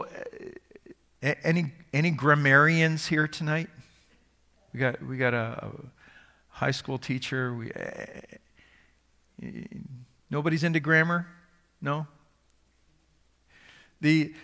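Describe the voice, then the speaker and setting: High-voiced preacher in an echoing hall. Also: male voice, sharp tone. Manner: conversational, quizzes the audience. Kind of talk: sermon.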